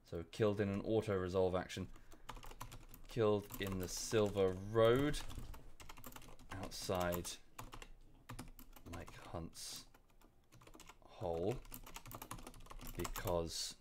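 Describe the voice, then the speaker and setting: A man's voice: low-pitched, takes it slowly, pauses often, noisy background. A young man giving casual live-stream commentary on a strategy game at home, chatty, easily distracted and apologetic. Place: room at home.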